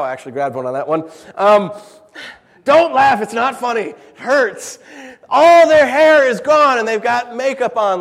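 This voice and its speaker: A man with a high, very lively voice preaches to his congregation, swinging between big jokey asides and rhetorical questions. His sermon rings out through a big sanctuary with a long echo tail. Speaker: pastor.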